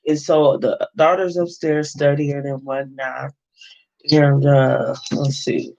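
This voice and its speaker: A man's voice: medium pitch, flat delivery, slow pace, creaky, darkish tone, lo-fi sound. Slangy man rambling through a movie review. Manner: slangy, profane and rambling, with many fillers. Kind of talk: casual movie review commentary.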